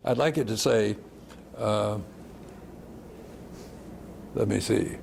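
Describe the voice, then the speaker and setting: A man's voice: fairly low pitch, slow pace, vocal fry, background noise. An older man, a civil rights veteran, describing old photos fondly, often chuckling and trailing off. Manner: chuckling, fond, rambling. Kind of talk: reminiscing talk.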